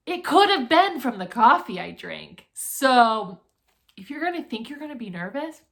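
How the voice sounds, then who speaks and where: Brief: young woman vlogger, high bright voice, chatty and animated storytelling. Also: normal speed. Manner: chatty and animated, acts out her own nervous reactions. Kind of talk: casual storytelling to camera.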